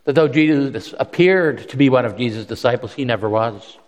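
A man delivers a sermon in an easygoing, conversational manner, stumbling over and repeating words as he thinks aloud. His pitch sits in the middle range. He lifts his voice to act out the quotes in his story, and a long reverb from the hall trails behind him. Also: brisk, a little mellow. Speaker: preacher.

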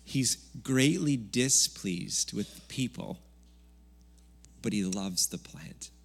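A man's voice: lowish voice, animated, slow pace, vocal fry. Man preaching a casual, joking sermon. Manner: conversational, jokey preaching with sudden loud bursts. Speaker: pastor. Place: church service.

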